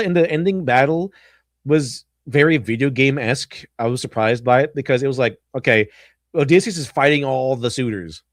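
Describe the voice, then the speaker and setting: Male stream host, mid-pitched, rambling and sarcastic; dry, close sound. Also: no echo. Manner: rambling, many restarts and fillers. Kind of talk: casual film commentary.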